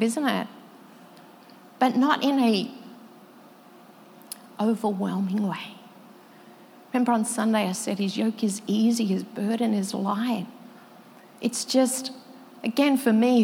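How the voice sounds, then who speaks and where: A woman gives a devotional talk to women in an earnest, reflective way, now and then turning to quiet prayer. She speaks slowly, and a long hall reverb trails after her words. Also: fairly high pitch, creaky, a little hiss or hum.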